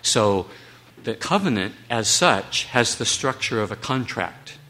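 A man delivers a Bible teaching talk in a fairly low voice. He presses his points earnestly and emphatically, now and then slipping in a wry aside. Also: very animated, unhurried, sharp tone. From United States.

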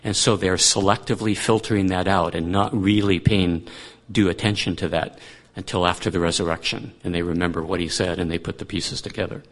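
Man, Bible teacher, lowish pitch, casual expository teaching, thinks aloud with restarts. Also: steady tone, brisk.

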